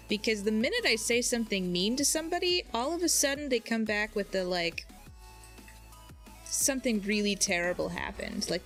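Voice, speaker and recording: Brief: easygoing woman livestreamer riffing on a game, mid voice, soft game music underneath. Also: medium pitch. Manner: chatty, rambling, with fillers and tangents. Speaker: streamer. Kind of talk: casual gameplay commentary.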